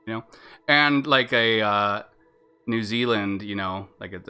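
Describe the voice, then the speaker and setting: A man's voice: fairly low pitch, measured pace, bright, forceful tone, clear, resonant tone. A man streaming a video game live, chatting in a rambling way, laughing at himself and swearing casually.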